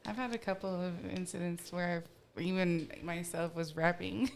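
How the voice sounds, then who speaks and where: A woman's voice: lowish voice, steady tone, normal speed, a little hiss or hum. A woman guest on a podcast, telling a story in casual chat and laughing as she goes. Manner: laughs through her story.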